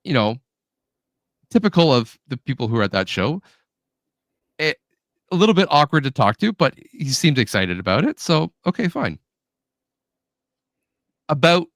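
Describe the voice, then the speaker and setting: Using a mid-range voice, a podcast co-host tells a story in easygoing chat and plays out the various people with acted quotes. The audio is studio quality with no room sound.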